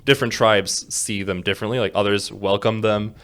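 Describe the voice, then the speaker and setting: A man's voice: fairly low pitch, fairly even intonation, a little fast, a bit bright, smooth. A man in casual podcast chat, rambling through an explanation with frequent restarts and laughs. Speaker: podcast co-host.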